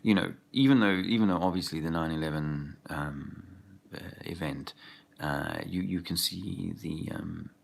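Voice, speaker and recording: A man's voice: low-pitched, a little slow, vocal fry. A man talking in a rambling casual monologue as an activist video host, often losing his thread.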